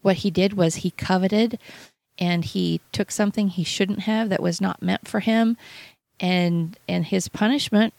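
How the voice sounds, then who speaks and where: A woman co-hosting a radio show, talking about the Bible in an earnest, halting way with many restarts. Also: mid-range voice, steady tone, creaky, a little mellow, dry recording. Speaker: radio co-host. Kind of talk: casual Bible talk.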